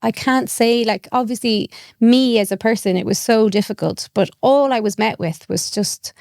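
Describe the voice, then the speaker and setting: Irish woman, young adult, comedian guest; gravelly voice, dry close mic, animated storyteller. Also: a little high, normal speed, dry recording. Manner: animated, acts out quoted voices, laughs often. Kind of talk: candid storytelling.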